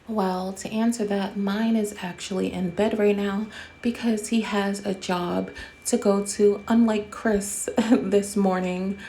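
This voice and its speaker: Blunt, mellow-voiced woman host. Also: medium pitch, steady tone, slow, slight background noise. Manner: blunt, profane, roasting. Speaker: commentary host. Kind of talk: casual commentary.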